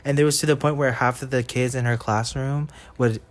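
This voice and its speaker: A man's voice: medium pitch, steady tone, a little fast. A young man co-hosting a podcast, telling school stories in casual chat with heavy cursing, laughing as he goes. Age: young adult. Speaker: podcast co-host.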